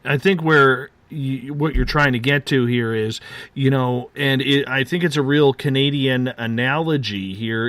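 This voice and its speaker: A male co-host on a talk radio show who calmly sums up what the guest means. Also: mid-range voice, dry recording.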